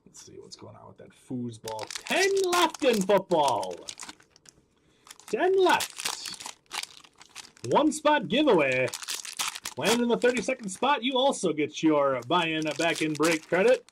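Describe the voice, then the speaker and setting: A man's voice: fairly high pitch, sing-song, normal speed, background noise. A man hosting a live card break stream, chatting with viewers by name as he calls out each card pulled. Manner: chatty, greets viewers by name while calling out cards.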